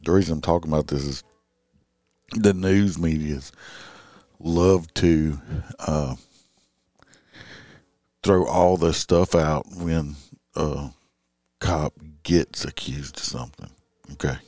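A man's voice: extremely low pitch, slow pace, long pauses, mellow, no room sound, studio quality. A middle-aged man, a police officer talking in a casual, rambling late-night monologue full of fillers and restarts.

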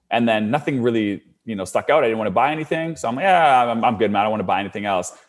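A young adult man casually telling a long personal story, with lots of "like" fillers and his voice rising when he gets worked up. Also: on the low side. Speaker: storyteller guest.

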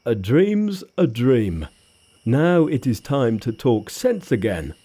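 A man reading an audiobook who voices a blunt, laughing male pig-like pilgrim in a gruff, dismissive manner. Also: medium pitch, sing-song, slow pace, mellow, voice pushed down, heavily acted. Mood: scoffing.

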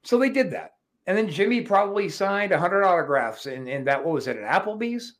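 A man telling profane, animated stories as a guest in a casual chat. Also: high-pitched, fairly quick. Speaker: wrestling promoter guest.

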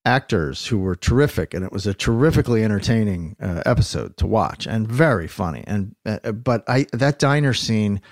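A man in relaxed conversation whose pitch swings up and down with real animation. He speaks emphatically, circling back and restarting words as he makes his point. The voice sounds dry and close, with little room around it. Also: moderate pace, few pauses, dry recording. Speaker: podcast co-host discussing the episode. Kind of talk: casual chat.

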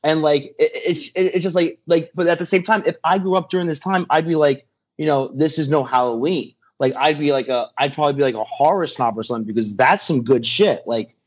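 A man's voice: a little high, fairly quick. A young man co-hosting a podcast movie review, blunt and profane, often restarting his sentences. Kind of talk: casual chat.

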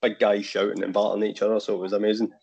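A man with a low, husky voice chats easily as a podcast guest. He sounds relaxed and laughs often. The audio is muffled and lo-fi, like a remote call. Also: racing. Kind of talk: casual chat.

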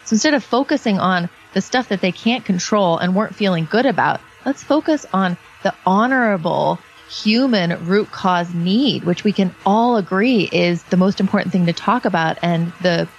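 A woman's voice: medium pitch, animated, normal speed, few pauses, muffled recording, a little hiss or hum. A woman explaining a parenting approach in casual conversation, earnest and full of fillers. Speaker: parenting guest.

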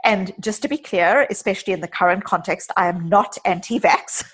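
A woman psychologist, a guest in an interview, talking earnestly and telling personal stories with quick asides. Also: mid-range voice, fairly bright tone, slightly rough. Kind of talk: casual interview conversation.

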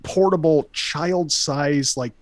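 A man's voice: a little high, slow pace, no echo, studio quality. A young man telling a story casually to friends, rambling and profane, full of fillers and restarts. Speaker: storyteller guest.

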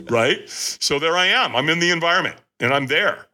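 Lively bright-voiced man telling a story. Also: a little high, unhurried, breathy edge. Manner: emphatic, addresses listeners directly. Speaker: podcast guest. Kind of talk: animated storytelling.

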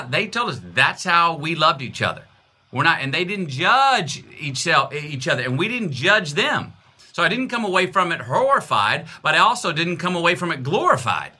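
A man in his fifties with a Texan accent, talking as an interview guest in an emphatic, repeating way. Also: sharp tone. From Texas. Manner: emphatic, repeats phrases, swings pitch widely. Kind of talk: conversational interview.

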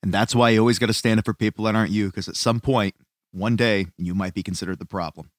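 A man's voice: on the low side, steady tone, fast talker, dry recording, studio quality. A man co-hosting a casual podcast, earnest and a little defensive in debate. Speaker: podcast co-host.

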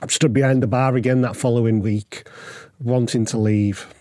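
A man's voice: medium pitch, steady tone, normal speed, dark tone. A young man telling his own story candidly in a podcast interview, acting out the voices of the people in it. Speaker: guest.

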